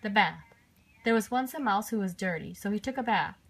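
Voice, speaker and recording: A mother reading children's stories aloud at bedtime, gentle and expressive, with a rhythmic delivery. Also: medium pitch, a little fast.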